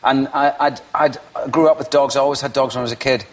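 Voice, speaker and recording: A man's voice: medium pitch, steady tone, fast talker. A Scottish man in his forties, chatting casually as a talk show guest, often restarting and trailing off. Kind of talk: casual chat.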